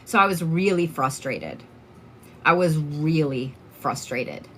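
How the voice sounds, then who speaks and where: A woman with a lowish voice chats on a livestream as a tarot card reader. She is from Oklahoma and talks in a candid, loose, profane way. Her speech is full of fillers and asides. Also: big pitch swings, slow pace, a bit bright, a little hiss or hum. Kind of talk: casual livestream chat.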